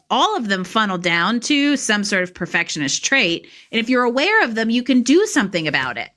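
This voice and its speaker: A woman's voice: on the high side, big pitch swings, fairly quick, few pauses, pushed and bright. A woman hosting a coaching podcast, chiming in with short agreements and sharing her own examples. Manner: affirming, chimes in with short agreements. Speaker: podcast host and career coach. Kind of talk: conversational interview.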